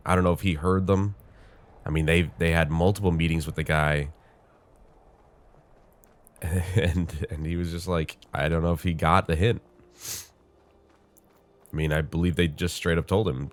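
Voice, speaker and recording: A male gaming host with a congested voice, chatting casually and rambling with lots of fillers while he plays. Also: a bass voice. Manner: rambling, chatty, thinks aloud with many fillers. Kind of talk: casual gameplay commentary.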